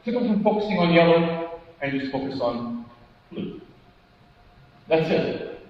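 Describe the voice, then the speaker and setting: High-voiced man keynoting in an echoey hall. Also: animated, measured pace, a little hiss or hum. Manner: engaging, keeps asking the audience questions and tagging "right?"; acts out anecdotes with quoted dialogue. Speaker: motivational speaker. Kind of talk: interactive conference keynote talk. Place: large conference hall. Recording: echoey hall from far off, dull sound.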